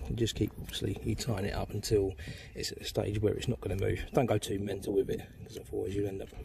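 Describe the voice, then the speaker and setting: A man's voice: lowish voice, flat delivery, quick pace, creaky, noisy background. A man giving a casual how-to talk while fitting a phone mount, with lots of ums and fillers. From United Kingdom. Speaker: vlogger demonstrating an install. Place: outdoors by a motorbike.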